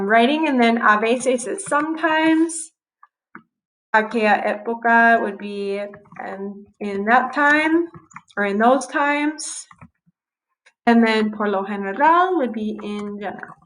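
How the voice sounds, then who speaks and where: A woman's voice: fairly high pitch, poor audio. A young woman teacher talking through a screen-recorded grammar tutorial in a casual way, correcting herself as she types. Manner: casual, self-correcting while typing.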